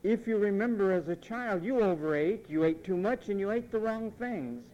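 A man preaching a sermon, emphatic and repetitive, mimicking what others say in quick asides. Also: high voice, lively intonation, mellow, lo-fi sound.

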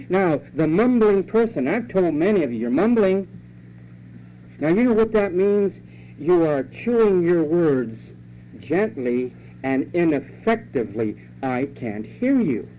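A pastor delivers a sermon in a scolding, conversational way, slipping into mocking asides. His voice is mellow and mid-pitched. The recording sounds dull and lo-fi, with a faint hum underneath.

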